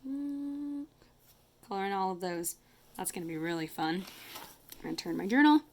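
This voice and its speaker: A woman's voice: mid-range voice, expressive, normal speed, darkish tone, a little hiss or hum. Woman, elementary math teacher; casual, chatty, self-correcting, counts aloud while drawing. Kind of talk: casual math lesson to kids.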